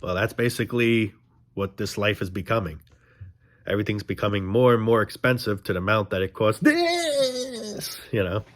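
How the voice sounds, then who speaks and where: Low-voiced man ranting to camera. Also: sing-song, moderate pace, a bit bright. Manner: frustrated, ranting, profane, rambling. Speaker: vlogger. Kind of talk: casual monologue to camera.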